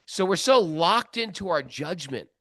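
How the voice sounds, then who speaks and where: A middle-aged man hosting a spiritual podcast, telling a story in a lively casual way, acting out the other people's lines and laughing often. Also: high-pitched, a little slow, no echo, studio quality. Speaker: podcast host.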